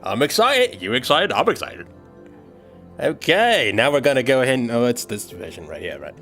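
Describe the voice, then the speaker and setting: A man's voice: mid-range voice, big pitch swings, normal speed, fairly bright tone, soft background music. A man livestreaming while he works, chatting casually and thinking aloud to his viewers. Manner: rambling, thinks aloud, talks to chat.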